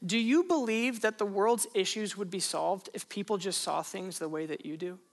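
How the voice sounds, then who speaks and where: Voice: mid-range voice, moderate pace. A pastor preaching a sermon in a conversational way, asking rhetorical questions and repeating phrases for emphasis.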